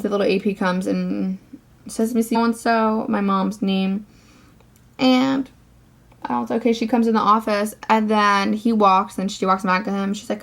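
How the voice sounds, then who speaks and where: A woman's voice: mid-range voice, fairly bright tone. A teenage girl vlogger telling a storytime rant, swearing often and saying "like" constantly. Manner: ranting, profane, filler-heavy.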